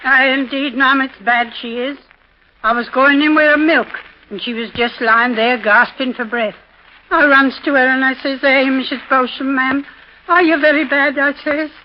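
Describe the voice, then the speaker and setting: A woman's voice: high-pitched, fairly even intonation, normal speed, slight background noise, close to an everyday voice. An actress playing a chatty, rambling landlady in a 1930s radio drama. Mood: gossipy. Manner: rambling, gossipy storyteller. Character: chatty Irish landlady, fussing and loyal. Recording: dull lo-fi 1930s radio recording.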